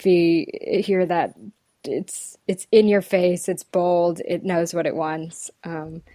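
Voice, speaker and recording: A woman's voice: on the low side, fairly even intonation, slow, warm tone, dry recording. A woman working as an accent and dialect coach, talking thoughtfully in a casual interview, with many ums and restarts. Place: lives in the UK.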